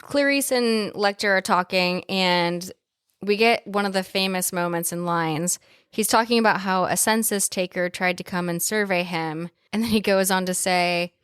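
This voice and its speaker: A woman's voice: fairly low pitch, moderate pace, fairly bright tone, smooth, no room sound, clean studio sound. A young adult woman co-hosting a podcast, casually retelling film scenes with playful asides and swearing. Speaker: podcast co-host.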